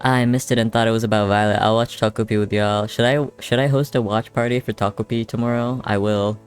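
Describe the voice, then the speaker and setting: A man's voice: on the low side, steady tone, a little fast, soft background music. A young man streaming live while drawing, chatting casually with his chat in a rambling way and swearing freely.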